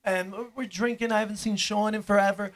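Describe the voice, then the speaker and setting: A man's voice: high voice, fairly even intonation, fairly quick, fairly bright tone. A young man telling a rambling, profane story in casual chat with a friend.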